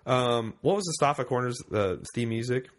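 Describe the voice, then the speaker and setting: A man's voice: mid-range voice, animated, a little fast. A sick man hosting a podcast, rambling casually, swearing and laughing easily. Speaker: podcast host. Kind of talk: casual chat.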